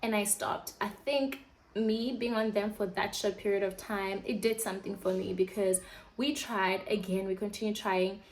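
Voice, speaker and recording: A woman's voice: medium pitch, fairly even intonation, normal speed, low-quality recording. A young woman vlogger telling a candid personal storytime, chatty and open, acting out her own past reactions in quoted asides.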